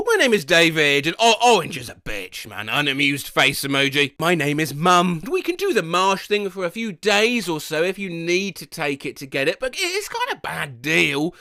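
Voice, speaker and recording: Animated man in his thirties. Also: a little high, moderate pace, hardly any pauses, faint music behind. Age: 30s. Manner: exaggerated, incredulous reactions. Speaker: comedy YouTuber. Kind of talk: reading autocomplete texts aloud.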